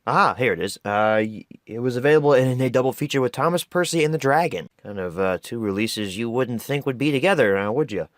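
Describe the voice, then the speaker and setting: A man's voice: medium pitch, expressive, brisk, few pauses. A chatty man hosts his own review video, talking through each detail in a loose, upbeat way. He drifts into fillers and asides, then picks the thread back up with easy enthusiasm. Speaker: host of a video review series. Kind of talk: casual product review.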